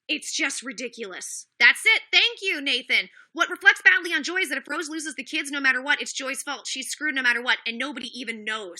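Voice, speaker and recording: A woman with a high, very bright, sharp-edged voice, ranting on a livestream. She talks angrily and defensively, swears freely and snaps at commenters by name. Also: lively intonation, brisk, few pauses. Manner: angry, defensive, profane, addresses chat commenters by name. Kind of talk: heated livestream rant.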